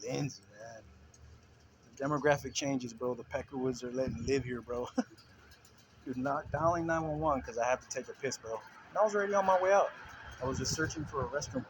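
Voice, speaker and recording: Holding his phone up at a bus stop, a man rants casually and profanely to camera while filming a street confrontation, laughing and repeating "bro" again and again. He speaks a little fast in a mid-range voice, with faint outdoor street and traffic ambience behind him.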